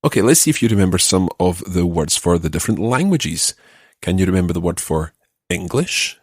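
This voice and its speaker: A man teaching a podcast language lesson, patiently giving phrases and slowing down to model pronunciation. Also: sits low, sing-song, slightly rough, no room sound, studio quality.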